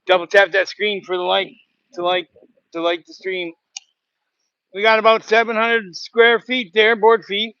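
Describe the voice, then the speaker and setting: Bright-voiced chatty man, lo-fi. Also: sits high, level tone, unhurried, dry recording. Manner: chatty, rambling storyteller with sound effects. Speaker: sawmill worker and livestream host. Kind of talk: casual livestream chat and joke telling. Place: outdoors at a sawmill.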